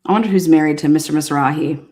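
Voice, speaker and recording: A woman's voice: deep voice, fast talker, a little mellow. A woman hosting a live stream, chatting casually with viewers in a sassy, blunt way and swearing now and then. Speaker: livestream host.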